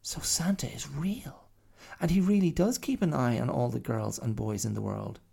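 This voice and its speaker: A small, tearful girl, high and plaintive, as a man puts her on in a storybook reading. Her questions come out wondering and unsure, with a husky edge under the raised voice. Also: very animated, a little fast, dark tone, full character voice.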